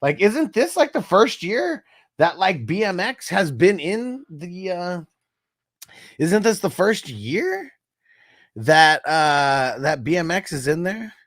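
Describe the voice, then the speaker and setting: A man's voice: high voice, slow, dry recording, clean studio sound. A man hosting a casual fantasy football livestream, joking and swearing as he reads chat comments aloud. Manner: animated, profane, laughs often while reading chat aloud. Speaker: fantasy football show host. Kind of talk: casual livestream sports talk.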